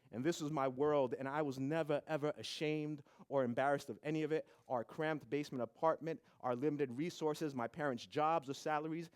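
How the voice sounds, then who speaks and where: A young man from the South Bronx giving a humorous, animated storytelling talk. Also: medium pitch. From South Bronx, New York. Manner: humorous, animated storytelling with acted family quotes.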